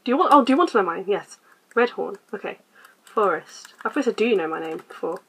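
A woman hosting a casual let's-play, quietly reading game text aloud and muttering her choices. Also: medium pitch, expressive, fast, slightly rough, rough recording. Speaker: gaming channel host.

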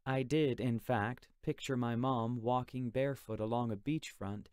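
A man's voice: medium pitch, steady tone, a little slow, a little mellow, smooth, no room sound, studio quality. A man narrating an audiobook in the first person, in a reflective, plain, conversational manner.

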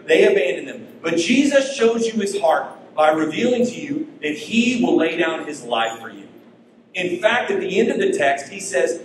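A man preaching a sermon as pastor, emphatic, with his pitch rising and falling. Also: slight background noise. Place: church sanctuary. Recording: echoey church hall.

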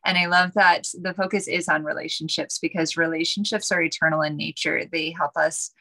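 A woman healer speaking earnestly and haltingly as a guest on a video call. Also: on the low side, fairly even intonation, sharp tone. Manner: earnest, halting, many ums. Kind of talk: casual group chat.

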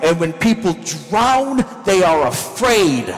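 A male pastor preaching a sermon in a church, with animated storytelling that acts out scenes. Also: high voice, slow pace, big-room sound, faint music behind, poor audio.

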